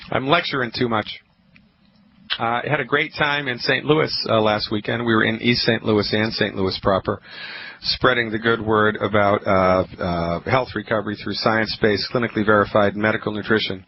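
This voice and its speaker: Emphatic male radio host, clearing his throat. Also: lowish voice, steady tone, normal speed. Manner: emphatic, lecturing, repeats points. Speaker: radio talk show host. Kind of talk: call-in health radio show. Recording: muffled radio broadcast with faint hiss.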